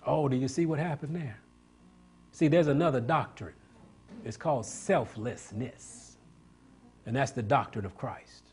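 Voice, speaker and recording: A man preaching an impassioned sermon, building to loud emphatic points and asking the congregation questions for response. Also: mid-range voice, unhurried, long pauses.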